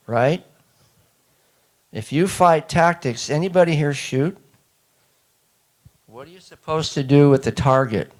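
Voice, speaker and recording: A man giving a public lecture, emphatic and repeating key points, often putting questions to the audience. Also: mid-range voice. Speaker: speaker addressing an audience.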